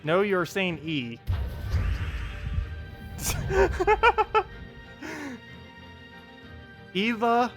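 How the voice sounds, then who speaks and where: A man's voice: high-pitched, huge pitch swings, very slow, long pauses, a bit bright. A man streaming a game live, chatting casually and playfully, often breaking into laughter. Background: game music.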